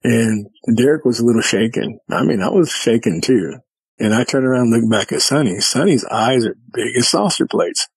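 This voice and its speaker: Guy telling a story on a podcast, acts out who said what, kinda raspy, dry sound. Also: medium pitch, expressive, normal speed, no echo, rough recording. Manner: vivid storyteller acting out exchanges. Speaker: podcast guest. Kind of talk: casual storytelling.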